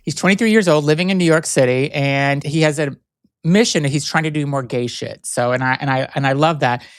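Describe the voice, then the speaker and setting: A man's voice: fairly high pitch, fairly quick, clear, resonant tone, no room sound. A man hosting a podcast in a casual, rambling and playful way. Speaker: podcast host.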